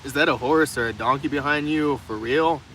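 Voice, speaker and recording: A young man streams live from his car's open trunk while it rains, his medium-pitched voice a little fast and fairly bright. He answers viewers' comments in a profane, rambling chat, frequently stumbling and starting sentences over. Faint rain and passing traffic sit in the background.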